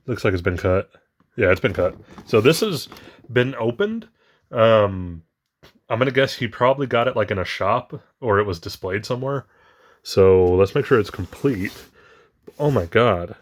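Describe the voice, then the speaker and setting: A man's voice: fairly low pitch, lively intonation, moderate pace. A man chatting casually while unboxing collectible toys, rambling with many fillers, his voice shaky with emotion. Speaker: toy collector vlogger.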